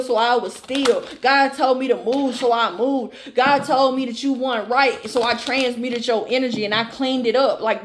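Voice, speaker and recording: A woman with a slightly high voice gives a tarot reading on her channel, speaking casually and directly to her viewers. She's blunt and emphatic, swears freely, and repeats phrases to drive her points home. There's a bit of background noise.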